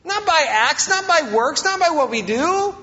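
A man's voice: extremely high pitch, lively intonation, unhurried, sharp tone, dull audio. A male pastor preaching a sermon, emphatic and repeating his key phrases.

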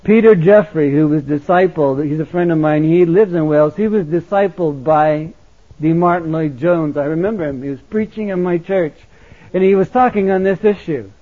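A male pastor preaching with passion, his voice high and urgent, then dropping low and close. The sound is thin and tinny, like a phone line. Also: normal speed. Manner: impassioned, swinging between loud exhortation and quiet intimacy. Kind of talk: sermon.

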